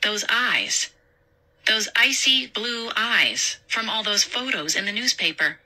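A woman narrating an audiobook slowly and deliberately. Her voice is bright and unhurried, in scripted narration. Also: medium pitch, low-quality recording. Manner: slow, deliberate reading.

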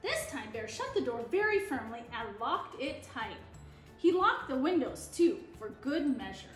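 Animated woman reading a picture book. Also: sits high, a little slow, roomy sound, soft background music. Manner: expressive, animated read-aloud. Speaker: storyteller.

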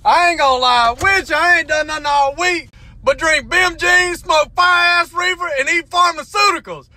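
A middle-aged man, telling a crude comic story in a loud, drawling rant from inside a vehicle. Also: very high voice, normal speed, no echo. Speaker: comedian. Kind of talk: comedic rant to camera.

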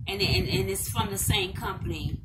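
A woman's voice: mid-range voice, fairly even intonation, moderate pace. A middle-aged woman chatting casually to viewers in a haul video, repeating herself and calling them y'all. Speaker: vlogger. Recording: echoey room, mic at a distance, loud noise.

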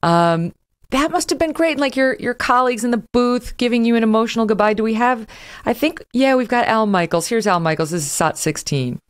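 A woman hosting a conversational interview, talking in an expressive, enthusiastic way. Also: a little high, brisk, smooth. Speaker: podcast host.

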